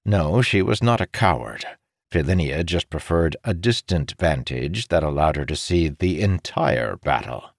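A man narrating a fantasy story in an expressive, dramatic storytelling manner. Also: very deep voice, a little slow, creaky, no room sound, studio quality. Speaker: audiobook narrator.

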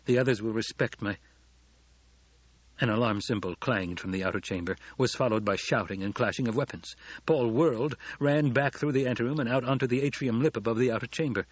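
A man narrating a novel as an audiobook, in steady storytelling. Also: mid-range voice, fast, few pauses, breathy edge, no room sound. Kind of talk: scripted narration. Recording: dull lo-fi audiobook recording.

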